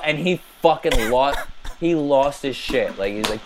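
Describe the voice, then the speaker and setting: A man spinning a story on a podcast, cursing freely and talking quickly. His delivery stays animated and loose. He sounds like he is among friends. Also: a little high, over a noisy crowd. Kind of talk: casual storytelling.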